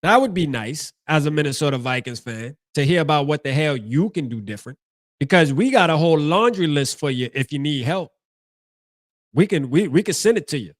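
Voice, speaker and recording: A man's voice: fairly high pitch, animated, brisk, dry recording, clean studio sound. A man hosting a fan postgame show, ranting casually with slang and lots of repeats and restarts.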